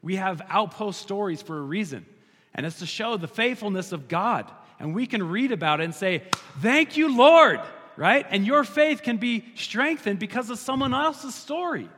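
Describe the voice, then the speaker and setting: Animated preaching man in a reverberant hall. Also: high-pitched. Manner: animated, slows down to stress key lines. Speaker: pastor. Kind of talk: sermon.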